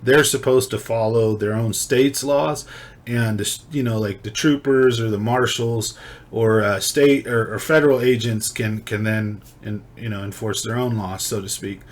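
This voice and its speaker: A man's voice: lowish voice, steady tone, normal speed. Rambling man telling a story. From California. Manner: rambling, slangy, swears freely. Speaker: vlogger telling a personal story. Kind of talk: casual storytelling.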